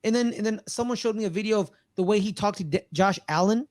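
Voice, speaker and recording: A man co-hosting a casual sports podcast, rambling and excitable, often repeating himself. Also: high voice, fast, dry recording. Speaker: podcast co-host.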